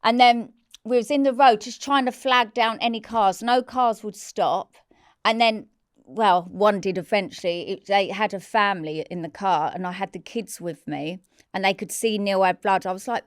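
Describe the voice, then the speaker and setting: A woman tells her story bluntly and candidly, with plenty of swearing. Her voice is smooth and clear, and she is recorded close with a dry sound and almost no room echo. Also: mid-range voice, moderate pace. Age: 40s. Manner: candid and blunt, swears freely, acts out quoted shouts. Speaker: interview guest. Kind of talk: emotional personal storytelling.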